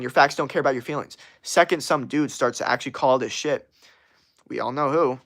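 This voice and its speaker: A man's voice: mid-range voice, fairly bright tone. A young man hosting a livestream, answering chat in a blunt, profane, rambling rant that repeats itself. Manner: blunt, profane, talks fast in bursts and repeats himself. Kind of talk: casual unfiltered rant.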